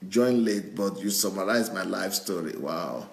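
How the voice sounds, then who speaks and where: Man, pastor, low voice, reads viewer comments aloud, chuckles a lot, echoey room. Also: animated, unhurried, gravelly. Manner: chuckles often while reading. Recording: roomy echo.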